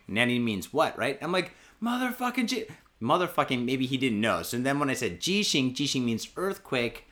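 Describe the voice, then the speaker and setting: Excitable, foul-mouthed man telling a story. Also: mid-range voice. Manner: profane, excitable, heavy filler words. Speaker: podcast host. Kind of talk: casual storytelling. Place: podcast studio.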